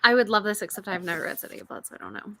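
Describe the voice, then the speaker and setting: A woman co-hosting a casual writers' chat stream, animated and laughing often. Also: medium pitch, racing, vocal fry. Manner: animated, laughs often, reads excerpts aloud. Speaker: writing stream co-host.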